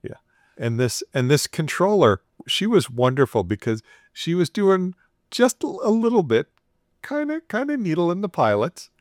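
A man's voice: high voice, normal speed, no room sound, clean studio sound. A man casually retelling a story on a podcast, playfully acting out the quoted voices with chuckles. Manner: animated retelling, acts out quoted dialogue with chuckles.

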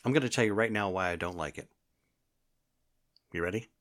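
A man's voice: deep voice, a little fast, a bit bright. A man in casual chat, teasing and wry.

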